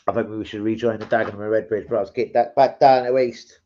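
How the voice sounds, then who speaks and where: A man's voice: lowish voice, fairly even intonation, a little fast, warm tone, highs cut off, a little hiss or hum. A man hosting a casual football livestream, rambling and swearing as he chats with viewers. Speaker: football fan channel host. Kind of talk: casual livestream chat reading transfer gossip.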